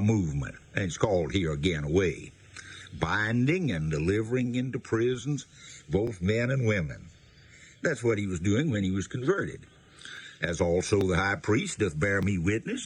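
Male Bible teacher, very low and husky, reads verses then explains them plainly. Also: no room sound.

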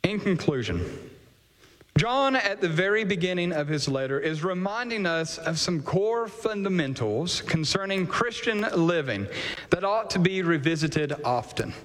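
A man preaching a sermon in a measured, earnest way, asking emphatic rhetorical questions and closing in prayer. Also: high voice, lively intonation, fairly bright tone. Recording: long hall reverb.

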